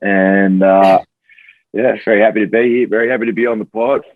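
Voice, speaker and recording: A man's voice: lowish voice, fairly even intonation, brisk, a crowd in the background. An Australian man in his thirties, a podcast guest talking in an easygoing, casual way and laughing easily. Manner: easygoing, laughs easily, hedges with "I think" and "you know". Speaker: podcast guest, rugby player. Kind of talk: casual chat. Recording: dry tinny phone-like call audio.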